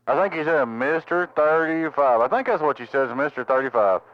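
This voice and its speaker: Guy rattling off his handle on the cb, talks quick, muffled lo-fi sound. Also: fairly high pitch, animated, dry recording. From Tennessee. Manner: repeats call sign, folksy sign-offs. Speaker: CB radio operator. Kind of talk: CB radio skip talk. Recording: muffled lo-fi radio audio.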